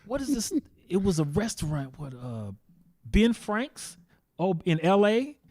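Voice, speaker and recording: A man from the Bay Area, a guest drummer, telling animated anecdotes and mimicking the people he quotes. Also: high voice, a little slow. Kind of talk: casual interview storytelling.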